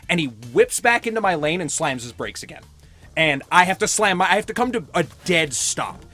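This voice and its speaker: A young adult man with a fairly high, somewhat bright voice chats casually while playing a game. He tells a story animatedly and swears freely.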